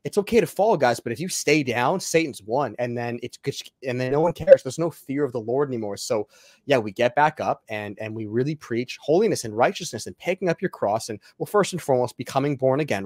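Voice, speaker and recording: A man's voice: medium pitch, no echo, studio quality. Blunt, emphatic male evangelist. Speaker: evangelist guest. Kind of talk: casual interview talk.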